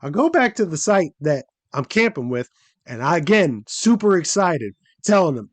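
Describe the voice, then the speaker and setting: High-voiced man telling a wild story. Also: normal speed, no room sound. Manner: animated, profane, acts out quotes in a raised voice. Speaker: podcast host. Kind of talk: casual storytelling chat.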